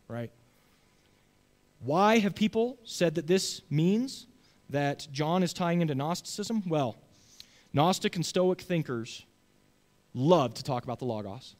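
A man teaching a Bible study class in a lively way, often checking in with his listeners. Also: a little high. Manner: animated, asks the class for agreement.

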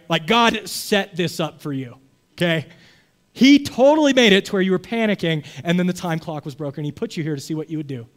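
A man preaching a sermon in a conversational, emphatic way, often checking in with "okay?" and "right?". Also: high-pitched. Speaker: pastor.

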